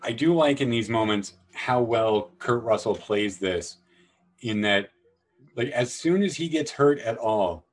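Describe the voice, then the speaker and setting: A man hosting a podcast, talking casually about a film in a rambling, animated way, often acting out lines in a raised voice. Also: mid-range voice, unhurried, low-quality recording. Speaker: podcast host.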